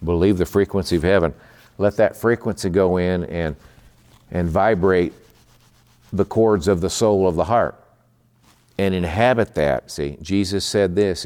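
A male pastor delivers a midweek sermon in a very low, deep voice. He talks in an easy, conversational way. He slows down to spell out terms and often repeats a word while he gathers his thought. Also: a little mellow, clean tone. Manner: conversational preaching, explains terms slowly, repeats words.

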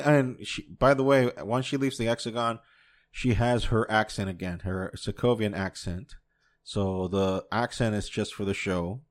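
A man from New York hosting a casual solo podcast, reviewing a show in a rambling, profane way and often chuckling to himself. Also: mid-range voice. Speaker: podcast host.

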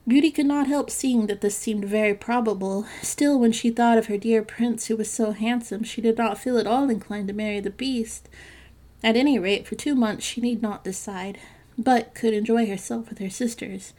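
A woman narrating a classic fairytale in a measured storybook reading. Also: fairly high pitch, steady tone, dark tone.

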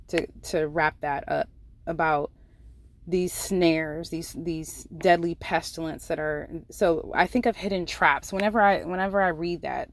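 A woman's voice: lowish voice, no echo. A woman who works as an ICU nurse, giving a Bible devotional talk in an earnest, conversational way with many fillers and restarts. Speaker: devotional podcast host.

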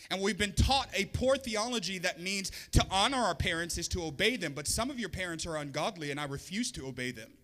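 A man's voice: high voice, animated, fairly quick, few pauses, bright, forceful tone, long reverb tail. A male pastor giving a sermon in a conversational preaching style, with joking asides to the congregation.

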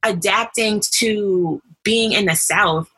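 A woman's voice: medium pitch, slow pace, pushed and bright, husky, low-quality recording. A woman in her twenties from New York, with a light New York accent, chatting as a podcast guest and telling her stories with many fillers. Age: 20s. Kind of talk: casual chat.

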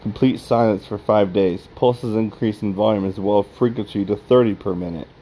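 Male reader for a horror log: low, mellow, plain matter-of-fact delivery. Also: steady tone, normal speed, slight background noise, low-quality recording. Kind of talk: reading a horror log aloud.

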